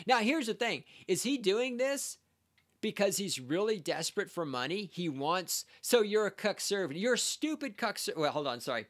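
A man's voice: sits high, sing-song, moderate pace, a bit bright. Sarcastic, heated man ranting on a podcast. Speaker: podcast host. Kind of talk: ranting commentary reacting to a read-out text.

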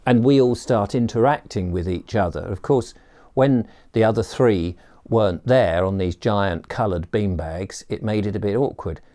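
A man with a fairly low voice tells a personal story to camera. He rambles in a chatty way, pausing on ums and restarting his sentences as he remembers. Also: dark tone. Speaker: storyteller and performer.

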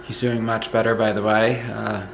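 A man with a fairly low, gravelly voice speaks at normal speed, his Northeastern US accent coming through poor audio with a little hiss or hum. He's vlogging casually while moving through his house, rambling tiredly with fillers in a relaxed way. His lungs are congested, and he coughs occasionally.

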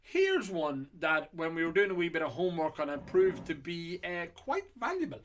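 Guy rambling about auction lots, kinda high voice, lots of ums. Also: huge pitch swings, normal speed, a bit bright, slight background noise. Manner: rambling and chatty with many fillers. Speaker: whiskey auction host. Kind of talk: casual chat previewing auction lots.

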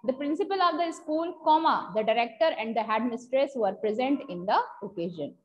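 A woman teacher with an Indian English accent, giving an online grammar class and dictating example sentences slowly, mixing in short Hindi asides. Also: a little high, expressive, slight background noise. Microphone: video call. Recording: slightly dull lo-fi video call audio.

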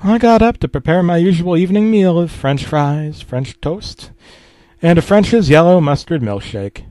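A man narrates a spoof creepypasta with mock gravity and self-deprecating asides, swearing freely. His slightly high voice swings widely in pitch. The recording is dry and close. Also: animated, moderate pace, warm tone, dry recording.

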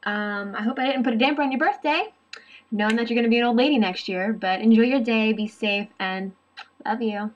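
Slightly high woman, playful tease, far-off lo-fi sound. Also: brisk. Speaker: vlogger sending a birthday message. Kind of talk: teasing casual webcam message.

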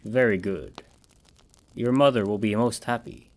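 A man voicing a cruel, suave villain with an English accent and a rich, low, dark-edged voice. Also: unhurried, lightly acted. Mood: menacing, mocking.

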